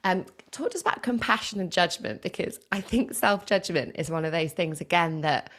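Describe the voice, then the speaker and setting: A woman's voice: on the low side, animated, brisk, a bit bright. Reflective young woman host. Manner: reflective, affirming, prompts questions. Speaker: podcast host. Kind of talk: conversational interview.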